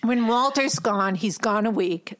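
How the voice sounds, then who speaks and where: Animated woman retelling a film's plot. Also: on the high side, measured pace. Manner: animated, acts out the characters' lines. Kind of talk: casual chat retelling a film plot.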